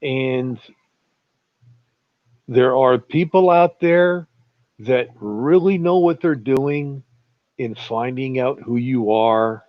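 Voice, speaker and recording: A man in casual online talk, drawling slowly and chuckling as he tells stories. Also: medium pitch, dry recording. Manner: slow, drawling storyteller, chuckles often. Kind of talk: casual chat. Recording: muffled lo-fi voice chat.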